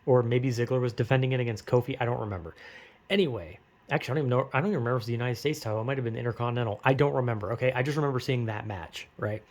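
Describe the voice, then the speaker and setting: A man's voice: mid-range voice, rapid-fire. Rambling, frustrated young-sounding man. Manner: rambling, frustrated, swears often, many fillers. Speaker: wrestling fan vlogger. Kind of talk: casual rant.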